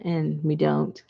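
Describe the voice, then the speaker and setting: A woman's voice: fairly low pitch, gravelly, husky, muffled recording. A woman hosting a casual live video chat, talking with viewers in a rambling, chatty way with frequent laughs.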